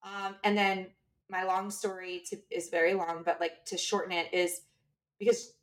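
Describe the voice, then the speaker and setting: A woman co-hosting a casual chat, telling stories in a lively way and acting out the lines of the people in them. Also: on the low side, moderate pace, distant mic. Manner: animated, acts out quoted dialogue. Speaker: podcast co-host and bridal shop owner.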